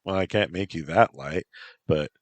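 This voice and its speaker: A man's voice: deep voice, moderate pace, no echo. A man voicing an earnest, heartsick young man who talks plainly.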